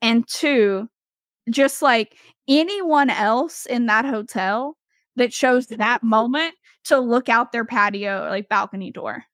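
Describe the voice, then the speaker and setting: A young woman spinning an animated story on a podcast, laughing as she goes and leaning on fillers. Her voice sits a touch high, recorded close and dry with no room sound. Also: slow, no room sound. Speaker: podcast host. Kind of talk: casual storytelling chat.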